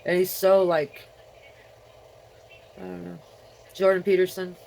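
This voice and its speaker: A woman's voice: fairly low pitch, monotone, measured pace, vocal fry, warm tone, slight background noise. A middle-aged woman vlogging alone, rambling in a scattered way, often trailing off mid-thought. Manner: scattered, talking to herself, trailing off. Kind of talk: rambling solo video chat.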